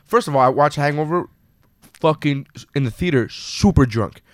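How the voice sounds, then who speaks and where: A man's voice: a little high, moderate pace, dry recording, studio quality. A man hosting a casual podcast, telling stories with lots of swearing and acting out his friends' voices. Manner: profane storytelling, does loud voices of friends. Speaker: podcast host.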